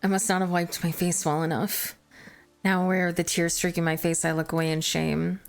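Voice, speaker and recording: A woman streamer reading a visual novel aloud, narrating in first person with expressive, self-mocking asides. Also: lowish voice, brisk, creaky.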